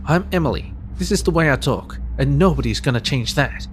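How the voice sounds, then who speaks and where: A man's voice: mid-range voice, animated, fairly quick, soft background music, close to an everyday voice. A man voicing a blunt, prickly young woman researcher who is secretly socially awkward, brusque one moment and flustered the next. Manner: brusque, then flustered and rambling.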